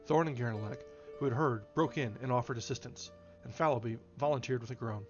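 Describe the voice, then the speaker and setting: A man reading a novel aloud in a measured way, now and then correcting a slip. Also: medium pitch. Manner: measured, occasional self-corrections. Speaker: reader. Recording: slightly dull, faint music behind.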